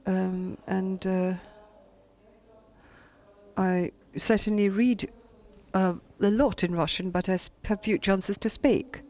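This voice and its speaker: A woman historian from Germany with a German accent, reading a prepared lecture. She pauses often on fillers. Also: medium pitch, fairly even intonation, darkish tone. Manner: halting, with many filler pauses. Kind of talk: lecture read from a prepared text.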